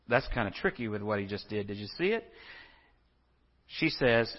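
Folksy husky-voiced Texas preacher. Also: male voice, medium pitch, lively intonation, normal speed, in a large hall, dull audio. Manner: folksy, joking asides, acts out scripture dialogue. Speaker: pastor. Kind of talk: sermon.

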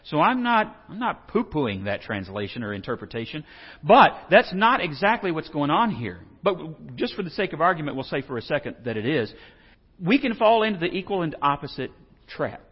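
Animated man teaching a Bible lesson. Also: fairly high pitch, normal speed, breathy edge. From Texas. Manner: folksy, joking, asks the audience questions. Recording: dull reverberant hall sound.

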